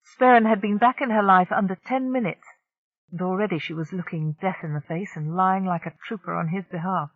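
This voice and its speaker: An audiobook narrator reading a science-fiction novel in a steady, even storytelling voice. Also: mid-range voice, a little fast, no echo, narrow, tinny audio.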